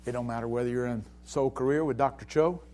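A man preaching a sermon, telling a story with stammered restarts and swinging between hushed lines and shouts. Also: medium pitch, steady tone, quick pace.

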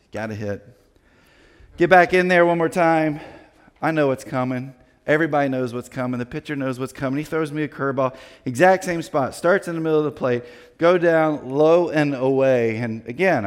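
A man preaching a sermon as a pastor, telling a personal story in a lively way and acting out the people in it. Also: on the high side, long reverb tail. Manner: animated storyteller acting out quoted voices.

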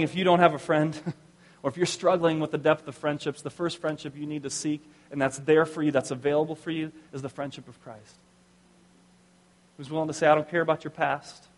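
A middle-aged male pastor preaching a sermon, telling a personal story in a conversational way and often dropping to soft, low tones. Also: long reverb tail.

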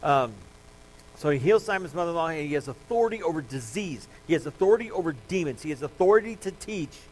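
A man's voice: a little high, expressive, fast, darkish tone, low-quality recording. A male pastor preaching a sermon in a conversational, joking way, reading scripture aloud.

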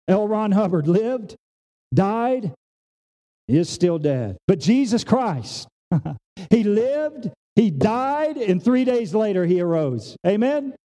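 A man delivers a church sermon in a plain, conversational way and reaches for everyday examples. His voice sits slightly high but sounds deeply dark and mellow. He shifts often between raised, emphatic lines and low, hushed ones. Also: very animated, takes it slowly. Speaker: pastor. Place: church service.

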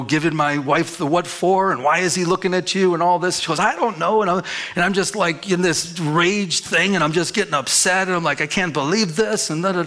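A middle-aged male pastor telling a personal story in a sermon, animated and conversational, acting out his own past words. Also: a little high. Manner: storytelling, animated when quoting himself.

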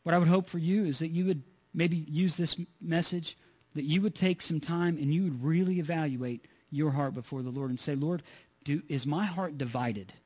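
A man with a high voice preaches to his congregation. He talks earnestly, repeats his points and asks rhetorical questions. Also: moderate pace, darkish tone, breathy edge. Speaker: pastor. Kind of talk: sermon.

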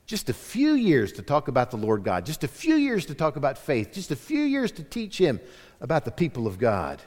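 A middle-aged man preaching a sermon as the pastor, telling the story in a lively, animated way. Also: mid-range voice. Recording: long hall reverb.

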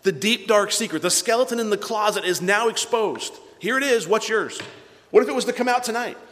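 A man's voice: high voice, fairly quick. Fervent preacher man in reverberant hall. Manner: animated preaching, swinging between loud bursts and hushed asides. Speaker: pastor. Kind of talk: sermon.

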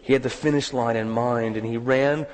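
A man preaching a sermon, telling a story with rising dramatic emphasis and slowing down on key words. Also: mid-range voice, fairly even intonation, darkish tone, in a large hall. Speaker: pastor.

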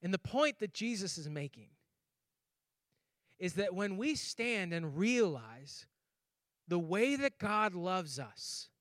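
A male pastor giving a sermon in a bright, high voice. He tells stories with lively, acted-out voices and laughs as he talks. The sound is dry and close. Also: dry recording.

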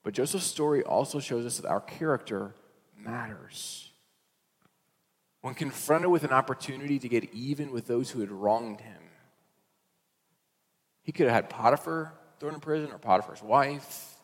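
A man's voice: mid-range voice, normal speed, long pauses. Man preaching in an echoey hall. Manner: conversational storytelling with casual asides. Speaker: pastor. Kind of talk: sermon. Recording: reverberant hall.

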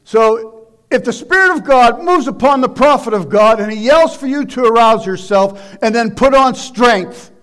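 A man preaching a sermon, loud and emphatic, shouting exhortations and dropping into quiet asides. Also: very high-pitched, moderate pace. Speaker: pastor.

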